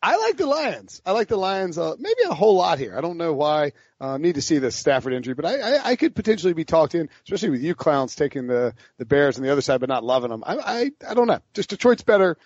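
Animated, rambling male podcast host. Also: on the high side, fast talker, few pauses, no room sound. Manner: rambling, animated storyteller who laughs mid-sentence. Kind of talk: casual sports podcast banter. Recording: dull, dry lo-fi podcast audio.

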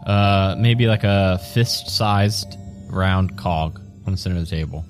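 Male game master, lowish voice, descriptive narration with frequent laughs. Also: measured pace, music in the background. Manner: descriptive, laughs between lines.

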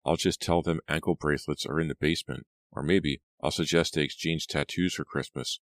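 A man's voice: a bass voice, steady tone, brisk, no room sound. A man voicing a spoiled, snobbish teenage girl with a snide, self-satisfied way of talking.

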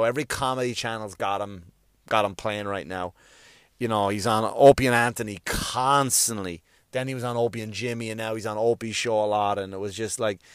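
A man's voice: medium pitch, a bit bright, clear, resonant tone, no echo, studio quality. A male comedian hosting his own show, telling a long, swear-filled story and often stopping to restart his sentences. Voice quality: profane, rambling, with frequent restarts. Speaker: comedian and podcast host. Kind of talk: casual storytelling tribute.

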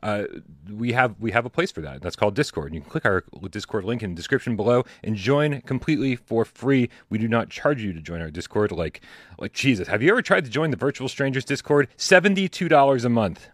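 A man hosts a live gaming podcast at a quick clip, rambling and joking through quick banter. The recording is dry and close, with no room sound. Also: fairly low pitch, animated, dry recording. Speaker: podcast host.

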